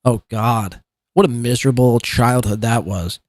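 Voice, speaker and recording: A man's voice: medium pitch, a little slow, no room sound, clean studio sound. A male podcast host giving mocking commentary, sarcastic and laughing at what he reacts to.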